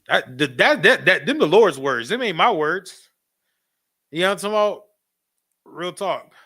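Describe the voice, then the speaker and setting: Bright-voiced man preaching to a class. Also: high-pitched, moderate pace. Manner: animated, repetitive, frequent asides to the audience; laughs often while talking. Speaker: class teacher.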